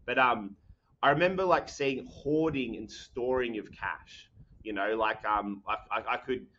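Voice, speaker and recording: A young Australian man chats as a podcast guest, rambling and energetic, full of "you know" and "um". His voice sits at a middle pitch. The audio is dull and lo-fi. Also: a little slow. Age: young adult. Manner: energetic, rambling, many fillers. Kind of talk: casual podcast chat.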